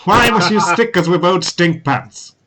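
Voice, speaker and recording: A man voices an exasperated war wizard, a man who speaks with open scorn and accusation, his voice sitting a little higher than usual. The delivery is everyday, close to the player's own voice. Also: measured pace, crowd noise. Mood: scornful. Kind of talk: tabletop role-play.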